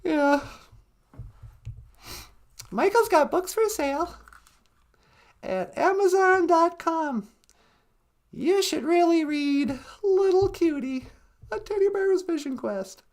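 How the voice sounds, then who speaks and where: A woman's voice: very high-pitched, animated, takes it slowly, pauses often, a little mellow. A woman from Minnesota co-hosting a casual live stream, playful and laughing often. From Minnesota, USA. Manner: playful, laughs often, makes goofy computer beeps.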